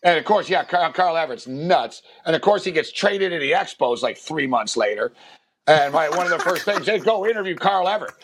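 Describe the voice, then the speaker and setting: A man's voice: fairly high pitch, animated, moderate pace, a bit bright, breathy edge. A man telling a long, rambling anecdote on a sports podcast, full of fillers and acted-out quotes. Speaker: podcast co-host. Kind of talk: casual storytelling.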